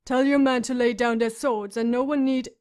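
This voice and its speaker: A woman voicing a grim middle-aged lord in an audiobook, speaking firmly and measured. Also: a little high, steady tone, a little mellow, natural voice. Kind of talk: audiobook character voice.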